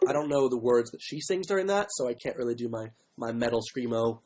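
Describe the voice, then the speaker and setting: A man hosting a casual livestream, with a sore throat and frequent throat clearing, who mocks himself and keeps apologizing and giving up on songs. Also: medium pitch, lively intonation, fairly quick, few pauses, a little mellow, a little hiss or hum. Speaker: livestream host. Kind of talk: casual livestream chat with ukulele. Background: faint ukulele strumming.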